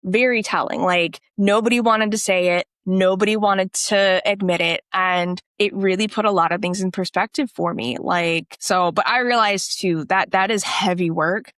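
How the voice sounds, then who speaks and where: A woman's voice: medium pitch, moderate pace, hardly any pauses, dry recording. A woman co-hosting a podcast, telling a personal story in casual conversation and acting out what people said. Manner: animated storytelling, acts out quoted voices. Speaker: podcast co-host.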